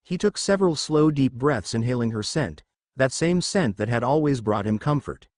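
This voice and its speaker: A man narrating a fan fiction story in a steady, expressive storytelling voice. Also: mid-range voice, moderate pace, no echo, studio quality.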